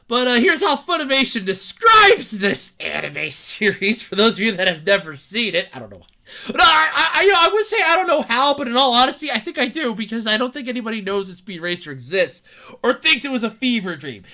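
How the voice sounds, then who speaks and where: A woman hosting a podcast, delivering an excitable, swearing, comedic rant with frequent laughs. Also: on the high side, normal speed. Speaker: podcast host. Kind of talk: ranting comedic podcast monologue.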